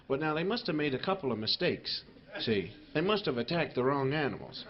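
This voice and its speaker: A man telling stand-up stories live in a rambling, animated way, full of "you know". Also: on the high side, a little fast. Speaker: stand-up comedian. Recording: dull live album with crowd laughter. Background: audience laughter.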